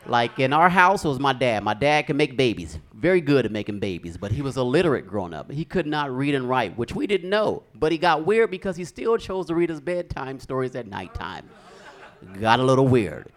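A young man doing a stand-up comedy set on a club stage, telling stories and acting out the people in them. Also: medium pitch. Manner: animated storytelling, acting out characters.

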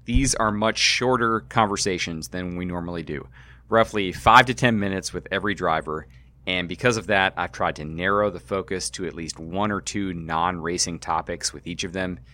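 Male podcast host, bright, slightly low voice, measured conversational delivery. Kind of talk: podcast intro and interview.

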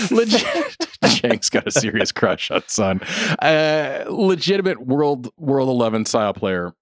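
Brief: male podcast co-host, ordinary middle pitch, dry sound, emphatic, laughing banter. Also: sing-song, unhurried, no echo. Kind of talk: casual chat.

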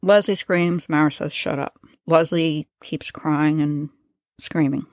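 Low-voiced woman narrating true crime. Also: steady tone, takes it slowly, darkish tone, dry recording, studio quality. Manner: conversational, explains and reads from a transcript. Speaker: podcast host.

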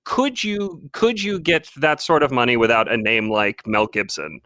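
A man's voice: normal speed, no room sound, clean studio sound. A man hosting an interview, asking long questions with many restarts. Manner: lively pitch, restarts while forming questions. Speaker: interview host. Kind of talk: conversational interview.

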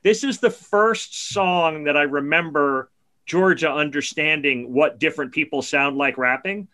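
A man with a high, bright, forceful voice talks songs as a podcast co-host. He is animated and eager, quick to laugh, and fills his sentences with "like" as he gushes. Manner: chatty with many "like" fillers. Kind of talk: casual music chat.

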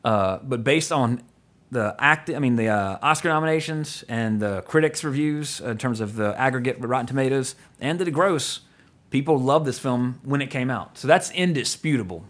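A man with a mid-range, fairly bright voice speaks at a moderate pace as he hosts a podcast. He chats casually about an old film, rambling with plenty of fillers and chuckling often.

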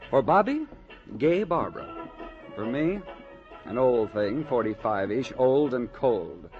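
A man's voice: mid-range voice, very animated, slow pace. An actor playing a theatrical, mocking man in a 1950s radio drama, talking in a campy sing-song and mimicking others. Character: theatrical, mocking man, a dancer's twin brother. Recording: dull old radio broadcast with music.

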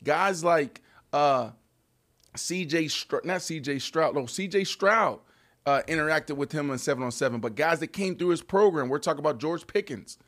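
A man with a high voice hosts a casual sports podcast. He talks in an animated, joking way and laughs often as he teases people. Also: brisk. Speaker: podcast host.

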